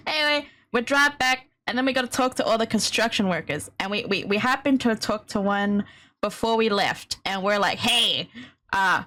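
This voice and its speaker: A woman's voice: fairly high pitch, moderate pace, fairly bright tone. A young woman telling a profane, grumbling story to her stream chat, laughing often.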